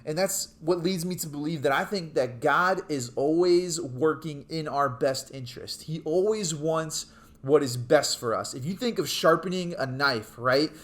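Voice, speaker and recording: A man's voice: a little high, normal speed, a bit bright. A young adult man giving a casual youth sermon as a youth pastor, chatty and joking as he tells stories.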